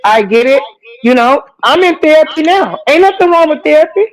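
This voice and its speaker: A woman's voice: sits high, lively intonation, a little fast, rough recording. A woman hosting a live call-in show, talking in a chatty, familiar way with lots of fillers. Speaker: host. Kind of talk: casual live call-in chat.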